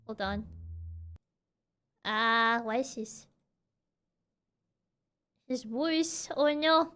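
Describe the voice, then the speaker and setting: A woman's voice: a little high, extremely slow, sharp tone, clean tone. A young woman streamer telling a story on a livestream in a playful, giggly, chatty way.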